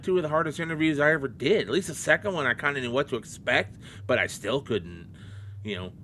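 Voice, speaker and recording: A man hosting a podcast, chatting casually and reflecting warmly on old wrestlers. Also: medium pitch, slight background noise. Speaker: podcast host. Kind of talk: casual chat.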